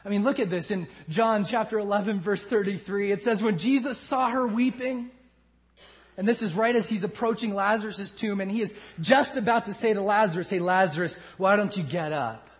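A man preaching a sermon with passion, swinging from loud emphasis to hushed lines. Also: sits high, steady tone, brisk, lo-fi sound. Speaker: pastor.

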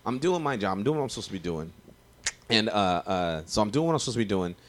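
Give me a man, a stand-up comedian chatting on a podcast. His voice sits very low and deep. He talks in slang, swears freely and rambles from one story to the next. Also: very animated, quick pace, fairly bright tone. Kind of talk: casual podcast chat.

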